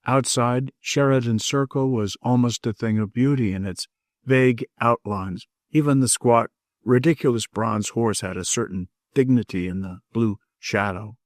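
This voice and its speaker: A man narrating a mystery audiobook in the first person with measured, steady storytelling. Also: mid-range voice, no echo, clean studio sound.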